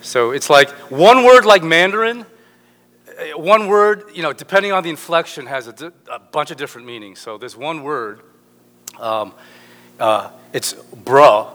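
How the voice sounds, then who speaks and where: A man's voice: on the high side, animated, unhurried, a bit bright. A middle-aged man preaching a sermon as a pastor, joking and rambling with restarts. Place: church hall. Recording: echoey hall with long reverb.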